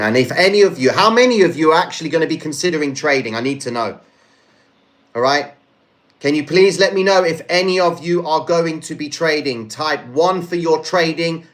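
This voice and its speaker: A man's voice: mid-range voice, fairly bright tone. Brief: man, live-stream host, frustrated, apologetic, keeps addressing chat. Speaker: livestream host.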